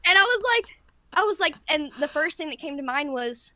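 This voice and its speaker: Woman, high voice, animated storyteller, podcast co-host, dry close sound. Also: fairly quick, no room sound. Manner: animated, acts out her own past lines in a higher voice. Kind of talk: casual group chat, storytelling.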